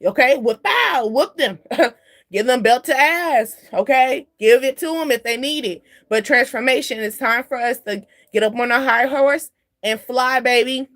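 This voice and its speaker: A woman with a slightly high voice runs a casual tarot reading for her viewers. She talks loosely and chattily, often stopping to check that the viewer is following. She drifts off topic and laughs at her own tangents. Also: unhurried, a bit bright. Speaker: tarot card reader. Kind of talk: casual spiritual reading to camera.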